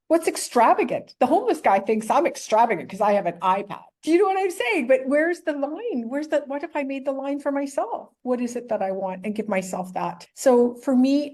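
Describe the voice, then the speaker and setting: A woman's voice: sits high, expressive, moderate pace, hardly any pauses, darkish tone. Earnest middle-aged woman, rhetorical questions. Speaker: podcast guest, entrepreneur. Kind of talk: candid interview answers.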